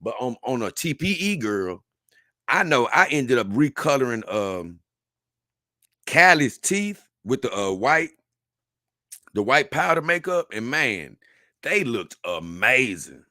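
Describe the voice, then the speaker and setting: Bright, dry-voiced man hosting a stream. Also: mid-range voice, very animated, slow pace, long pauses, dry recording. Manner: reads lists aloud unhurriedly with asides. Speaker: livestream host. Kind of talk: casual livestream chat.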